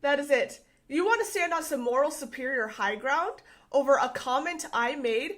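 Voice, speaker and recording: High-voiced, indignant woman podcast co-host. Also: expressive, moderate pace, few pauses. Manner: indignant, forceful and insistent. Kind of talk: casual podcast chat.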